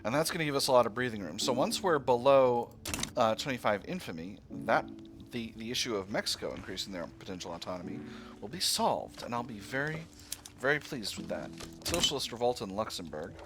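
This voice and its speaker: A man's voice: medium pitch, lively intonation, a little fast, music in the background. A man casually commentating his own strategy gameplay, thinking aloud with fillers and playful asides to himself. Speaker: strategy game let's player.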